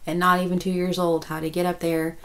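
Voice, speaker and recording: A woman's voice: lowish voice, little pitch movement, brisk, a bit bright, poor audio. A woman, chatting casually as a crochet vlogger, rambling with many restarts and turning emotional. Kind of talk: casual chat.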